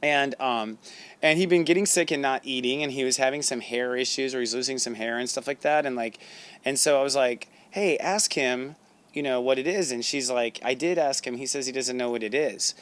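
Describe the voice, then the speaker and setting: A man hosting a spiritual talk show, telling stories in a chatty, animated way, acting out quotes and laughing often. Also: mid-range voice, brisk, clear, resonant tone. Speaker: podcast host. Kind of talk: casual storytelling monologue.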